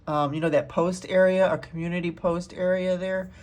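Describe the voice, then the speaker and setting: A woman's voice: lowish voice, steady tone, moderate pace, darkish tone. A woman art vlogger chatting casually to herself and her viewers while painting, gushing and laughing often.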